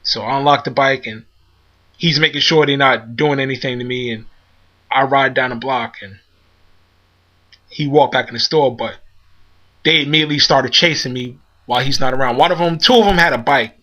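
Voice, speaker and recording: A man's voice: mid-range voice, moderate pace, pauses often, pushed and bright. A man casually telling a personal story, rambling with many fillers and restarts. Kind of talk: casual spoken anecdote. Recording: dull lo-fi recording.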